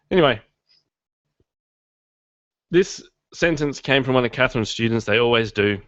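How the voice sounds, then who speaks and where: A man's voice: medium pitch, expressive, moderate pace, long pauses, a bit bright, no room sound. A man hosting a podcast from his garage, chatting casually in a rambling, self-deprecating way. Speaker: podcast host. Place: home studio in his garage. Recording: dull lo-fi dry sound.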